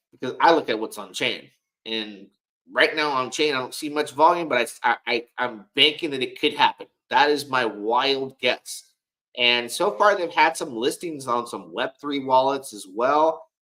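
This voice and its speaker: A man's voice: mid-range voice, bright, forceful tone, poor audio. Rambling man hosting a livestream. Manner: rambling, repeats and restarts words. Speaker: livestream host. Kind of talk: casual livestream commentary.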